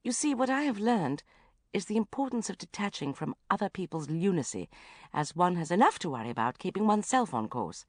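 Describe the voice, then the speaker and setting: Animated woman narrating a comic diary. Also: lowish voice, fairly quick, no echo, studio quality. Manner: animated, breathless exasperation, flat asides. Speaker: audiobook narrator.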